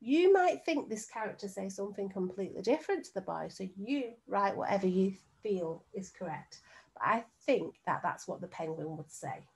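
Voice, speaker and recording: A woman teacher giving a recorded lesson from home to young children, speaking slowly and clearly and sounding out words syllable by syllable. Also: mid-range voice, expressive. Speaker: primary school teacher.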